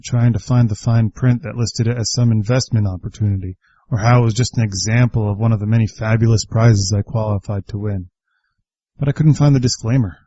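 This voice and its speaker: A man narrates a first-person story with a warm, mellow voice. His delivery is reflective and wry. The recording is dry and a bit dull. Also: on the low side, dry recording.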